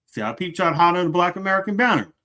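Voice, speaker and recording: Reacting to a clip on his commentary show, a man fires off rhetorical questions to his audience again and again. His high voice is animated, rapid-fire, bright and forceful, captured on a streaming setup.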